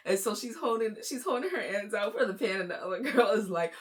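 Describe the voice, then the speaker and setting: A woman's voice: medium pitch, expressive, brisk. A young woman from Florida giving casual, chatty reaction commentary on short videos, with lots of fillers. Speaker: commentary YouTuber.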